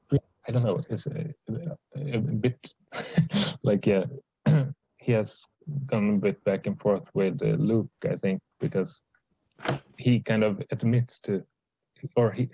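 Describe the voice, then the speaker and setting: A man hosting a casual livestream chat over an online call, talking haltingly with many fillers. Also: fairly low pitch, steady tone, breathy edge, no room sound. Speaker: stream host. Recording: dull lo-fi call audio.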